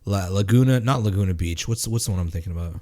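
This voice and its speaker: A man's voice: sits low, a little mellow. A man co-hosting a casual drinking podcast, rambling and swearing, with lots of fillers and restarts. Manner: rambling, profane, halting with fillers. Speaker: podcast co-host. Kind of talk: casual drinking-show chat.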